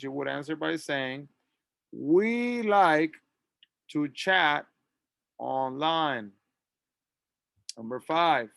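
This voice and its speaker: A man's voice: a little high, vocal fry, a bit bright, dry recording, clean studio sound. A man teaching an English lesson, patiently drilling words and asking listeners to repeat after him.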